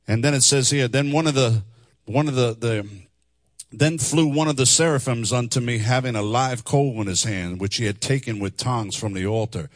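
A middle-aged man preaching a testimony sermon, animated, singing phrases and laughing asides. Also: mid-range voice, moderate pace, no room sound, studio quality. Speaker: chaplain and preacher. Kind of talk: testimony sermon with sung lines. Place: church hall before a congregation.

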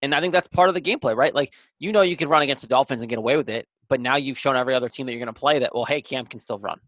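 A man co-hosting a casual sports podcast, excitable and quick to argue his point. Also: medium pitch, dry recording. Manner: fast, excitable, argumentative.

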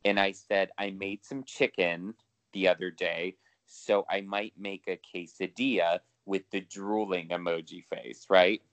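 Low-voiced man, chatty and swearing. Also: fairly even intonation, measured pace, fairly bright tone, no echo. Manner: chatty, swears freely, laughs often. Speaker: podcast co-host. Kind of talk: casual chat.

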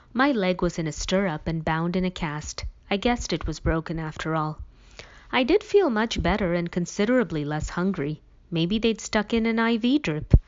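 A woman reading a novel aloud as an audiobook reader, in a plain, even storytelling manner. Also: lowish voice. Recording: dull lo-fi recording.

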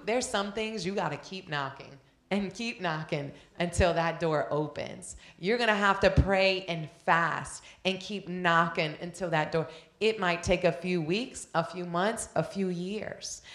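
A woman's voice: on the low side, fairly bright tone, roomy sound. A woman preaching a sermon, telling a personal story with passion and drawing out her phrases. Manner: impassioned storytelling, drawn-out phrases.

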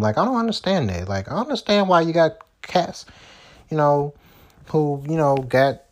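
A man hosting his own solo podcast, talking loosely and rambling with lots of fillers like "you know" and "man". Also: medium pitch. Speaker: podcast host. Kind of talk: solo casual podcast chat.

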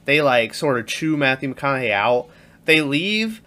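A man's voice: medium pitch, big pitch swings, a little slow, bright, forceful tone. A man in casual movie chat who laughs often, acts out lines from the film and swears freely. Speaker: podcast co-host.

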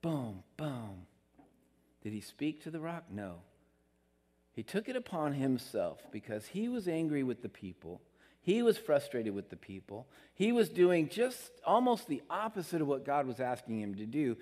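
A man's voice: a little high, very animated, moderate pace, warm tone. A man preaching a sermon in an earnest, conversational way, with emphatic rises on his key points. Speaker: pastor. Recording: long hall reverb.

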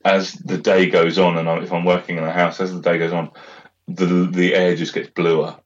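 A man's voice: low voice, level tone, moderate pace, muffled recording. A middle-aged man from Britain, chatting casually and rambling, swearing freely and laughing often. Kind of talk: casual chat.

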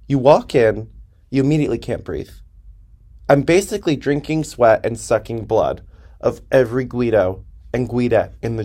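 A young man with a New Jersey accent, hosting a podcast and ranting in an animated, profane, exaggerated way from a basement. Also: medium pitch. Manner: animated, profane, hyperbolic ranting with frequent laughs. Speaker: podcast host. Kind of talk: casual comedic monologue. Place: parents' basement.

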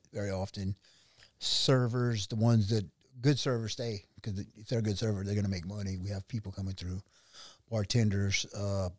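A middle-aged man, a restaurant owner who tells his story in an animated way and acts out the voices of other people. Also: on the low side, dry recording, clean studio sound. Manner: animated, acts out quoted dialogue. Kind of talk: conversational storytelling.

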